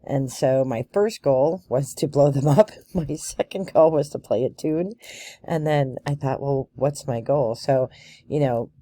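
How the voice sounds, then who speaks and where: A woman's voice: low-pitched, measured pace, dark tone, no room sound. A woman vlogging in a casual chat, a chatty storyteller who laughs often and fills her talk with "you know" and "um". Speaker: bagpiper and vlogger.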